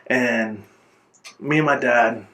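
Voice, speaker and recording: A man being interviewed, telling his own life story in an earnest, reflective way and pausing now and then to gather his words. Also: mid-range voice, bright, forceful tone. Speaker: interview guest.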